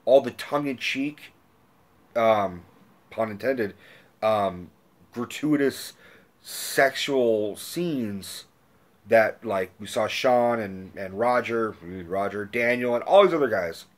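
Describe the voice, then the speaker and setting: A man ranting casually about movies, excitable and profane, rambling with frequent restarts and fillers. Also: mid-range voice. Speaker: movie reviewer. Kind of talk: casual rant.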